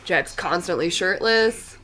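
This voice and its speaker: A woman's voice: lowish voice, animated, slow, a crowd in the background. A young woman co-hosting a movie watch stream, chatting casually and laughing often. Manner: giggly, playful, laughs often. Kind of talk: casual chat over a movie.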